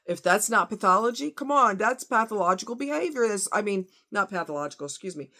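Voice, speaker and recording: A woman's voice: medium pitch, lively intonation, quick pace, sharp tone. Blunt, fired-up woman vlogger. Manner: talks to viewers as y'all and honey. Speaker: true crime vlogger. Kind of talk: casual true crime commentary.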